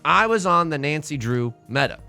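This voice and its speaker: A man's voice: fairly high pitch, lively intonation, moderate pace, creaky, pushed and bright, soft background music. A young man streaming live, telling a rambling, self-mocking story with frequent laughs while he plays a game. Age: young adult.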